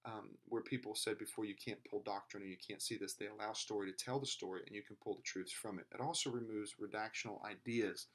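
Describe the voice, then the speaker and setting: A man lecturing informally, explaining at length and often pausing with fillers and restarts. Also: fairly low pitch, fairly even intonation, a bit bright.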